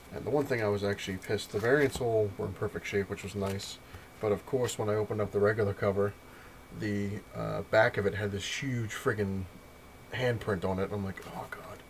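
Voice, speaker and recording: A man with a fairly low voice talks in a loose, casual vlog manner. He rambles, corrects himself mid-sentence and swears freely as he recaps comics. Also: a little hiss or hum. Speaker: comic collector reviewing his haul.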